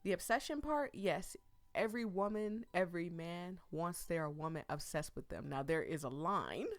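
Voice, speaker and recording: Over faint background music, a woman with a fairly low, expressive voice rants and chats at a normal speed as she plays a visual novel, with no echo. She's a let's play streamer giving casual commentary and often talks back to herself.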